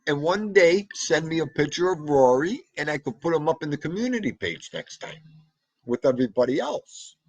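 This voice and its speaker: Raspy New York man chatting on a livestream. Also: on the high side, animated, normal speed, no echo, low-quality recording. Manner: chatty, shouts out viewers by name, jokey. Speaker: live podcast host reading chat. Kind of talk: casual livestream chat.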